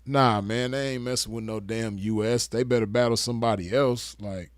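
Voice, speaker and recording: Laid-back and full of slang, a young man from the West Coast chuckles while making his case in casual commentary. His middle-pitched voice holds a steady tone at a moderate pace, and the close, dry recording carries no room sound.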